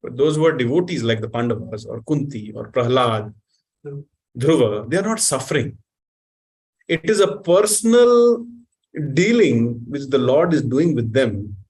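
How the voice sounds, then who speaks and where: A man giving an animated sermon, questioning the audience and reciting Sanskrit verses. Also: mid-range voice. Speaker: spiritual teacher.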